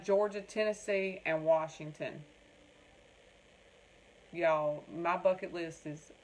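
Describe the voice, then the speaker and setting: A woman's voice: on the low side, poor audio. A woman with a Southern American accent hosting a craft livestream, chatting in a folksy way and answering viewer comments by name. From North Carolina. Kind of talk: casual livestream chat reading viewer comments.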